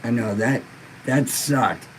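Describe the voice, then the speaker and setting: Speaking slowly in a medium-pitched voice, a relaxed man hosting a live-stream podcast rambles profanely through viewer comments while stoned and hurting. The low-quality recording carries slight background noise.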